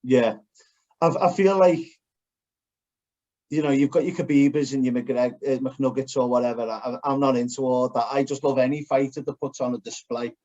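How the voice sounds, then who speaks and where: A man with a Liverpool accent co-hosting a podcast in casual chat, blunt and quick to swear. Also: mid-range voice, steady tone, darkish tone. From Liverpool, England. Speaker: podcast co-host. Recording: dull lo-fi podcast audio.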